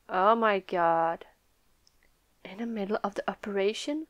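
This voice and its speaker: A young woman hosting a live comic reaction video, excitable and laughing often, swearing freely. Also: medium pitch, a little slow, long pauses, no echo. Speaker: manga reaction video host.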